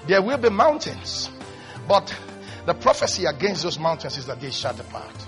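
A man preaching a sermon as pastor, animated, swinging between hushed asides and shouted peaks. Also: on the high side, normal speed, over music.

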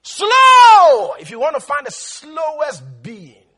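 With a very high voice, the man leads a sermon full of energy. Drawn-out words carry his emphasis, and laughter breaks through his preaching.

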